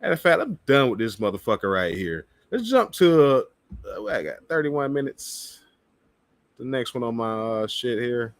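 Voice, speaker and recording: A man's voice: mid-range voice, sing-song, normal speed, no room sound, studio quality. A man hosting a political reaction show, ranting with heavy profanity and scornful laughs. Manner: heated, swearing, laughing scornfully. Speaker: political commentary host.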